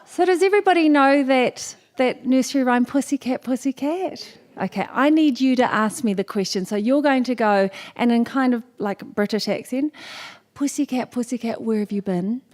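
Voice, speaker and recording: A New Zealand woman poet telling a story and performing a poem at a festival stage, playful and animated, acting out the dialogue. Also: sits high, normal speed, few pauses. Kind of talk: live storytelling and poetry performance. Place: festival stage before an audience.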